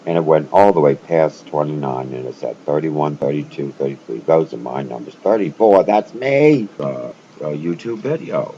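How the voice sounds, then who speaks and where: A man's voice: rumbling low, expressive, moderate pace, few pauses, mellow. A man telling a rambling, stammering monologue, repeating himself as he goes. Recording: muffled lo-fi with faint room noise.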